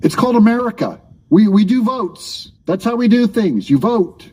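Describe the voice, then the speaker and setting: A man's voice: sits high, very animated, normal speed, warm tone, husky, poor audio. A man hosting his own commentary channel, talking back at clips in a mocking, sarcastic way.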